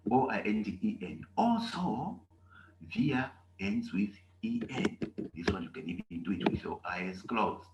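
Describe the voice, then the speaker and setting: A man teaching a German language class, explaining slowly with drawn-out, repeated examples. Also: lowish voice, reverberant, muffled recording, noisy background. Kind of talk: classroom lesson.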